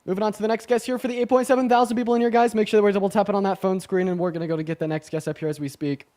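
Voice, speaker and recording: A young man hosting a livestream debate, talking fast and casually with many fillers. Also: high-pitched, steady tone, a little mellow.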